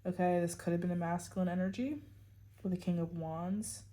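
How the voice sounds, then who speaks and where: A woman's voice: lowish voice, fairly even intonation, fairly quick, mellow. A woman giving a casual tarot reading to her viewers, rambling and full of "like" and "you know". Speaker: tarot reader.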